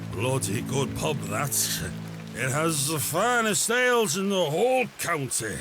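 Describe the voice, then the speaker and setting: An actor playing a drunken, leering local man who rambles in a slurred, slow voice. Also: a little high, expressive. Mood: tipsy. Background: game music and rain.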